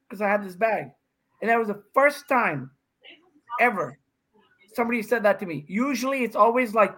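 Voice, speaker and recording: This pickleball pro from India, in his fifties, speaks at normal speed with a voice that sits high. As a podcast guest he's an excitable, joking storyteller who rambles through casual conversation.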